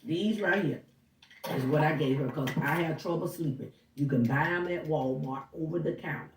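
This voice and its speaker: A woman who worked as a housekeeper, telling her story to viewers in a casual, animated way and acting out the dialogue as she goes. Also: deep voice, normal speed, slight background noise. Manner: animated, acts out dialogue while recounting. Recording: roomy, distant from the mic.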